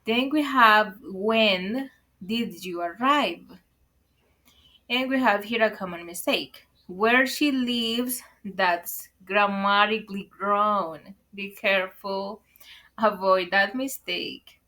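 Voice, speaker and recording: A woman's voice: mid-range voice, takes it slowly, sharp tone, low-quality recording. A woman teaching English online, explaining word order carefully to viewers she calls guys, speaking English as a second language. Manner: careful explanations, repeated warnings to be careful.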